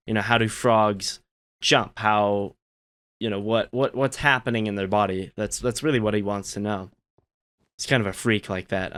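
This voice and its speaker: A man hosting a relaxed gameplay video, telling a long story in a meandering, laid-back way with lots of fillers. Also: fairly low pitch, smooth. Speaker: gaming channel host.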